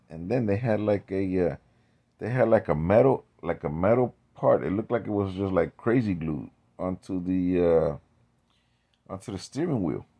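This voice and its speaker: Male vlogger, very low gravelly voice, rambling talker who restarts often. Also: dark tone. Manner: rambling, drifting into tangents with many restarts. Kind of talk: rambling casual monologue.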